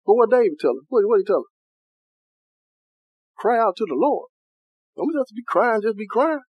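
A man preaching a sermon as pastor, who keeps asking the congregation if they are with him and softens his voice to act out quoted prayers. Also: sits high, very animated, normal speed, husky, muffled recording. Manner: call-and-response preaching, asks "are you with me?".

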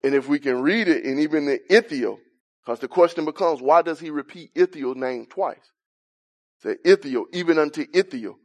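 A man's voice: on the high side, normal speed, darkish tone. A man preaching a Bible-teaching sermon, explaining a passage and asking questions as he rises in intensity on key points.

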